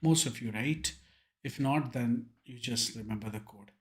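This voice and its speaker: A man's voice: mid-range voice, normal speed. An emphatic young male teacher with an Indian English accent, running through exam revision points. He drills key terms one by one, slipping Hindi words into his English. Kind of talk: online revision lecture.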